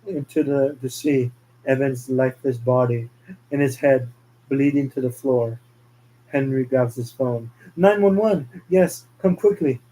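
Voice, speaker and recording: A man's voice: medium pitch, warm tone, poor audio. A man narrating a fan story, reading scene directions plainly with occasional slips.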